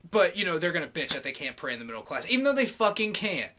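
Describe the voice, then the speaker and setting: A man's voice: sits high, big pitch swings, fast talker, sharp tone. A young man venting in a casual, heavily profane rant to his camera, heated and sarcastic. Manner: swears constantly, heated and sarcastic. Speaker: vlogger.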